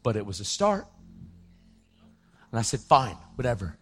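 A man giving a testimony sermon in casual slang, acting out the voices he quotes and sometimes breaking into shouts. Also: medium pitch, measured pace, a little hiss or hum. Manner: animated, acts out quoted voices, slips into shouts; casual slang, calls listeners dude. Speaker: preacher giving his testimony.

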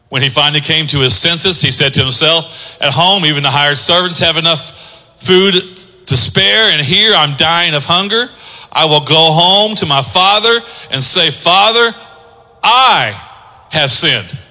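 A man preaching a sermon as pastor, building from quiet teaching to loud, rising exhortation. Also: fairly high pitch. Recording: long hall reverb.

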